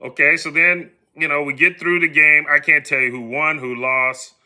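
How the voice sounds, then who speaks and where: A middle-aged man from the United States casually telling a personal story on his podcast, animated and acting out the voices of the people in it. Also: fairly high pitch, normal speed. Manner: animated, acts out quoted voices.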